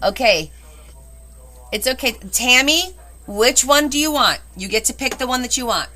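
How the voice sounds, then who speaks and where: A cheerful woman hosts a live online auction, announcing bids and laughing between them. Her voice is crisp and bright, and she talks in a chatty, friendly way, recorded on a phone. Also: high voice, animated, normal speed. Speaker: host selling scrapbooks in a live auction.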